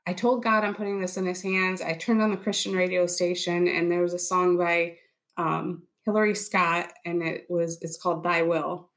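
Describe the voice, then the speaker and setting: A woman's voice: lowish voice, level tone, normal speed, a bit bright. A woman in her thirties giving an earnest personal testimony in an interview, reliving events and quoting her own thoughts. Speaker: interviewee, bereaved military spouse.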